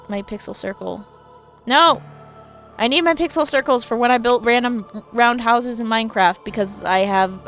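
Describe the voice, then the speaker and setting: In a muffled recording, a woman with a medium-pitched voice streams a game and chats casually with viewers. She rambles, swears freely, and often corrects herself mid-sentence.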